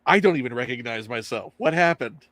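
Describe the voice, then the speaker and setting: A man's voice: medium pitch, animated, fairly quick, a bit bright, no echo. A man in casual chat, joking and rambling with frequent restarts. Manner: rambling, jokey, trails into restarts. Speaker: chat guest or co-host.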